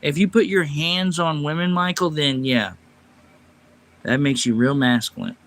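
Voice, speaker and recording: A slightly high-voiced man talks a little slowly on a livestream, using a phone or desk mic. His long personal story comes out rambling and casual, told softly. Reacting to chat, he snaps back louder and with more edge.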